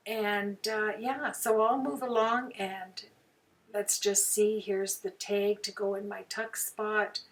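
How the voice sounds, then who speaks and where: A woman's voice: medium pitch, steady tone. A woman hosting a craft channel, chatting casually through a tutorial with frequent fillers. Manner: unhurried, chatty, with many fillers. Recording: voice some distance from the mic.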